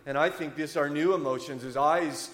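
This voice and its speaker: A man's voice: fairly high pitch, moderate pace. A man preaching a sermon as a pastor, impassioned, with his voice rising and falling. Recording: echoey hall, long reverb.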